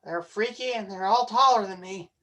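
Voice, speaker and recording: A man playing a tabletop game, chatting in a relaxed, laid-back way. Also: sits high, normal speed. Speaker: player. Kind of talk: casual tabletop play.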